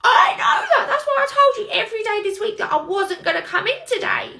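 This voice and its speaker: A woman's voice: very high voice, fast talker, bright, forceful tone, full character voice. A woman playing a defensive young nursery nurse, protesting and laughing nervously. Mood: indignant. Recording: roomy echo, faint noise.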